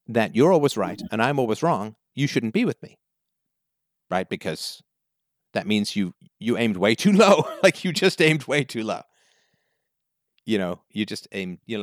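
Man, call-in host, very lively pitch, dry close sound, storytelling advice talk. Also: dry recording. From Canada. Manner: animated storyteller, acts out quoted voices.

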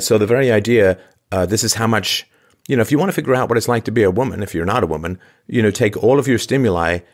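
A man hosting a commentary show, delivering a sarcastic monologue full of incredulous rhetorical questions and frequent sighs. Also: lowish voice. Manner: sighs often. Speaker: podcast host.

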